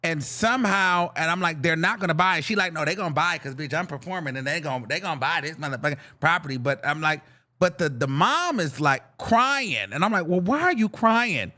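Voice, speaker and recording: A young adult man hosting a podcast, telling a rambling, profane, animated story in casual talk and acting out the voices in it. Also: fairly high pitch, brisk. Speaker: podcast host.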